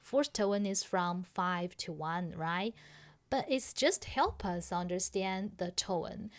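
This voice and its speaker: A woman teaching a pronunciation lesson on a podcast, taking her time with every phrase. She explains patiently, step by step, and keeps asking whether the listener has followed. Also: mid-range voice. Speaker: language teacher and podcast host.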